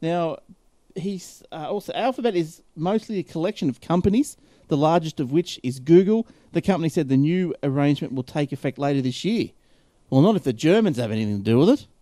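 A man hosts a casual chat show, reading out news and bantering with co-hosts. His voice is mellow and sits slightly high, with a lively, swooping pitch. The sound is close and dry. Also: fairly quick, no room sound. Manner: reads news items aloud and chats, laughs often. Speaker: host.

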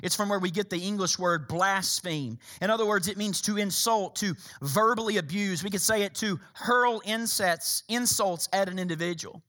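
A man's voice: sits high, normal speed, hardly any pauses, bright, forceful tone. A male pastor preaching a sermon in a church, emphatic, repeating phrases and addressing the congregation directly. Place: church sanctuary.

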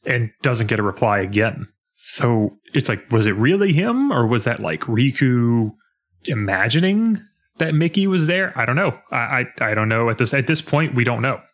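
A man co-hosting a podcast, chatting casually and retelling video game scenes in an animated way, quoting the characters as he goes. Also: mid-range voice, normal speed. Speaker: podcast co-host.

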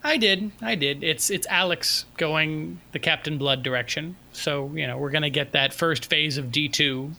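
A man co-hosting a casual podcast, giving wry, good-natured criticism in a relaxed way. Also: on the high side, normal speed, vocal fry, few pauses. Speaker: podcast co-host.

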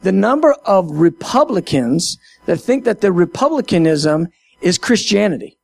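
A man, a Christian minister, talking to his audience in an impassioned, half-sermon style, emphatic and animated, repeating his key phrases. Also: sits high, normal speed, creaky.

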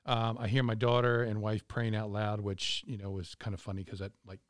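A middle-aged man telling a story in a measured, casual way, with frequent fillers. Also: lowish voice, level tone, dry recording, clean studio sound.

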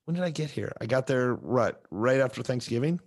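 A man's voice: medium pitch, animated, fairly quick, breathy edge, dry recording, clean studio sound. A man co-hosting a casual coaching podcast, talking in an easygoing, self-deprecating way. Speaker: podcast co-host, gymnastics coach. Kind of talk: casual chat.

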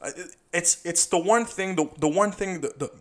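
A young man talks through a casual solo podcast episode, rambling from thought to thought. He leans heavily on fillers and keeps repeating "you know", and he swears freely. His voice sits a little on the high side for a man. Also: moderate pace. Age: young adult. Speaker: podcast host.

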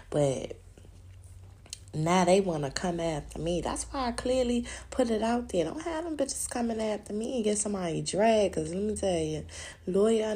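A woman's voice: mid-range voice, mellow. A woman hosting a podcast, talking alone in a rambling, profane, casual way and laughing often. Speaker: podcast host. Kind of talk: casual solo chat.

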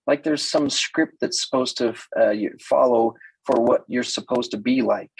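A man's voice: medium pitch, steady tone, moderate pace, hardly any pauses, breathy edge, dry recording, rough recording. An older man coaching women in a playful talk, often mimicking other people's voices. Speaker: relationship coach.

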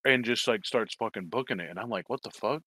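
A man's voice: fairly low pitch, fast, pushed and bright, no room sound. A man telling a long story in casual chat, swearing and rambling, acting out quoted lines. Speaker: toy collector telling a story.

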